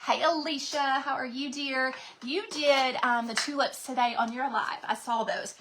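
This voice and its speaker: A woman's voice: high-pitched, steady tone, normal speed, background noise. A woman hosts a crafting livestream, chatting casually, greeting viewers by name, and sounding congested and out of breath.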